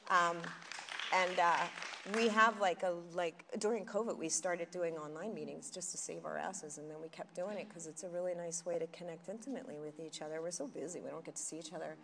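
A woman's voice: on the low side, brisk, creaky. Candid woman sharing her story in a reverberant hall. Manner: candid, animated storytelling with quoted voices. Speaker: recovery meeting speaker. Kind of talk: personal testimony at a meeting. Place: meeting hall with audience. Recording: faint noise, long hall reverb.

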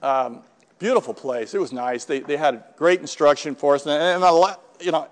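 A man's voice: a little high, moderate pace. A middle-aged man telling a rambling, self-deprecating recovery story to a live group, with many restarts and quoted dialogue. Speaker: speaker sharing a recovery story. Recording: long hall reverb.

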